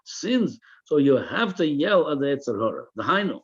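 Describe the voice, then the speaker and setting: A man's voice: fairly high pitch, very animated, normal speed, slightly rough, dull audio. A man teaching a religious text class, reading each phrase aloud and translating it line by line, often repeating words while he searches for the right translation. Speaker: Torah teacher.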